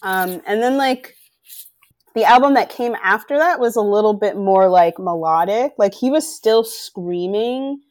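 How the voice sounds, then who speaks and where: A woman's voice: mid-range voice, measured pace, darkish tone. A woman in casual chat, speaking in loose, rambling phrases with constant fillers.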